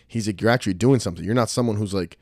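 Profane, animated male storyteller. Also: on the low side, rapid-fire, dry recording, studio quality. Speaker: podcast host, martial arts school owner. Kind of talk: casual chat, storytelling.

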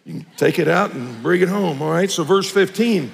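Pastor, man, high gravelly voice, emphatic conversational sermon, long hall reverb. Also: animated, normal speed. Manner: emphatic, conversational preaching with asides to the congregation.

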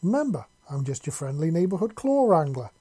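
A man voicing a menacing male wanderer who puts on an accent and talks in a slow, mock-polite drawl. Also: a little high, very animated, dark tone, husky, pitched above the performer's own voice.

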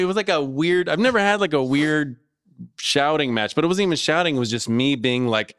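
A man's voice: fairly high pitch, brisk, a bit bright, clean tone, no room sound, studio quality. A man co-hosting a podcast, casually telling a story and acting out both sides of a phone call. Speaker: podcast co-host and landlord.

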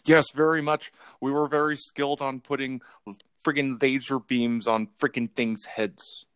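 A man putting on the voice of a pompous supervillain doctor, drawing out his words slowly. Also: mid-range voice, steady tone, fairly bright tone, clean tone, dry recording, natural voice.

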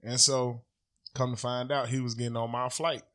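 A man co-hosting a casual podcast, telling a story in a loose, profane and animated way. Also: medium pitch, normal speed. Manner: profane, animated storytelling, loud when riled. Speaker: podcast co-host.

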